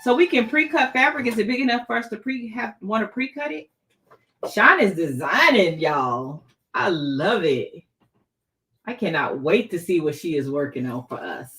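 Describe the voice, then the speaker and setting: A woman's voice: medium pitch, fairly bright tone. A middle-aged woman hosting a craft livestream, chatting casually and expressively with viewers and calling them by name. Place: craft room.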